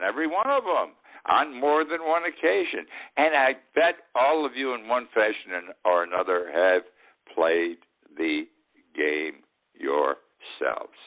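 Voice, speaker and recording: An older man hosting a radio talk show, musing in a rambling, conversational way, repeating phrases and restarting sentences with emphasis. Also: deep voice. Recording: narrow phone-like radio sound.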